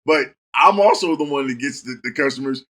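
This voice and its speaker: A man's voice: mid-range voice, expressive, fairly quick, fairly bright tone. A man co-hosting a podcast in casual chat, laughing often and mimicking customers and coworkers. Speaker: podcast co-host.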